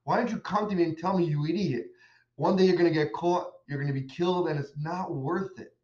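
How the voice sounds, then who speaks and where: Casting: a man doing a condemned smuggler, accusing and pleading, in a higher voice with a roomy, muffled sound. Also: a little fast, close to an everyday voice. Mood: anguished, accusing. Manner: shouting reproachful questions. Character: desperate arrested male smuggler, pleading and accusing. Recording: echoey room, dull lo-fi sound.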